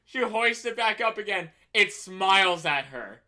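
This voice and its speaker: Very bright-voiced male game master. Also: high voice, animated, a little slow. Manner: casual, profane, laughing. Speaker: dungeon master. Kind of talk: narrating a tabletop game live.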